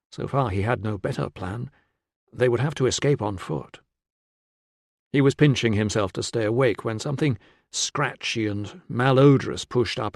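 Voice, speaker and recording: A man reading an audiobook in a measured, steady scripted narration. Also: mid-range voice, dry recording, studio quality.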